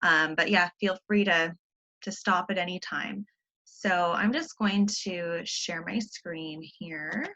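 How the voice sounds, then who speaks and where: A woman's voice: fairly low pitch, slow pace, sharp tone, lo-fi sound. A woman teacher giving a recorded online grammar lesson, explaining patiently step by step with frequent ums.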